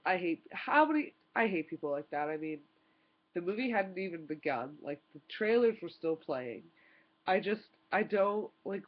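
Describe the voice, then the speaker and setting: A woman's voice: fairly low pitch, dull audio. A young woman vlogger telling a story in an exasperated, rambling way, full of "like" and restarts. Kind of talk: casual storytime rant.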